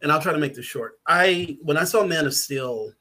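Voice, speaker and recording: A man's voice: on the high side, normal speed, pushed and bright. A man, a writer guest on a podcast, talking casually in a rambling, hesitant way with many fillers and restarts.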